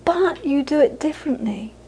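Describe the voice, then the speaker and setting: A woman with a notably high voice, from Britain, teaching a Buddhist dharma talk to an audience. She tells anecdotes, laughs easily and drives points home by repeating phrases. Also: animated, normal speed, warm tone.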